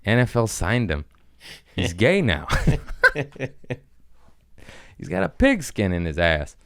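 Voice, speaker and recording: A man with a deep, smooth, resonant voice hosts a comedy podcast, talking in a loose, rambling rant full of crude jokes. He punches certain lines with sudden bursts of loudness. The sound is dry and close. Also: wildly swooping pitch, slow pace, no echo.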